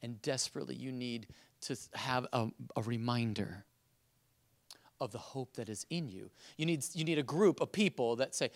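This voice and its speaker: A man in his thirties preaching a live sermon in a casual, animated way, moving between quiet asides and loud bursts. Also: mid-range voice, moderate pace, no echo, clean studio sound. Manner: casual, uses fillers. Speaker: pastor.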